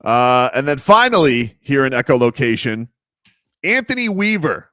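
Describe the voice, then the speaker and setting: A man's voice: mid-range voice, animated, sharp tone, clean tone, no echo, clean studio sound. A man co-hosting a sports radio show, bantering casually with jokey asides. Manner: jokey, riffing, quick asides.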